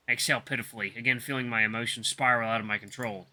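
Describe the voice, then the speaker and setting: A man reading a story game aloud in expressive first-person narration. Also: medium pitch, rapid-fire.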